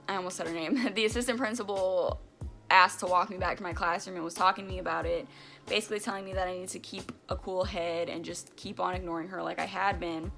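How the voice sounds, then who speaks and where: Speaking to her camera in a storytime vlog, a young woman recounts a personal story in an animated, emphatic way, tossing in casual swear words. Her medium-pitched voice has a bright, sharp edge, with faint music playing underneath.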